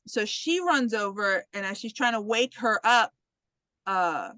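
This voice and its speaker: A woman's voice: mid-range voice, a little slow, no room sound. A woman co-hosting a podcast in casual chat, retelling a horror movie scene by scene and acting out the characters' lines, swearing freely. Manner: animated storyteller who acts out the characters' lines and swears freely. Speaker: podcast co-host.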